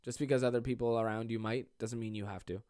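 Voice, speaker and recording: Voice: medium pitch, fairly even intonation, fast, a little mellow, no room sound, studio quality. A young adult podcast host giving casual, sarcastic, profanity-laced advice to listener questions from a home desk.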